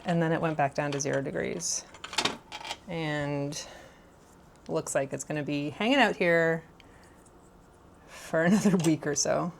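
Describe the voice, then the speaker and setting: A woman's voice: sits low, measured pace, vocal fry, pauses often, a little hiss or hum. A young woman chatting casually in a home vlog, rambling and laughing often. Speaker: vlogger. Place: home room.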